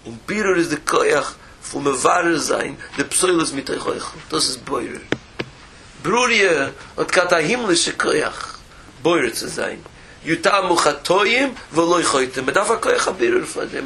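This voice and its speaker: A man giving a Torah lecture as a rabbi, animated, with rhetorical questions and repeated phrases. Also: fairly high pitch, rapid-fire, vocal fry, slight background noise, low-quality recording.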